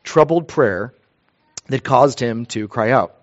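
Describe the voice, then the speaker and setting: A man's voice: mid-range voice, slow pace, lo-fi sound. A man preaching a sermon in an earnest, emphatic way, repeating phrases for weight.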